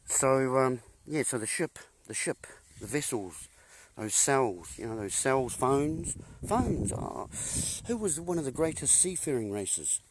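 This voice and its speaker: A man's voice: mid-range voice, big pitch swings, measured pace, a little hiss or hum. A man giving a rambling monologue to viewers, punning as he goes, chuckling at his own jokes and calling his listeners folks. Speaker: host.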